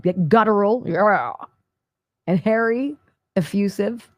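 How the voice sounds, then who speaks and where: A woman's voice: medium pitch, dry recording, clean studio sound. A middle-aged woman hosting a talk radio show, emphatic and sarcastic as she comments. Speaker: radio host.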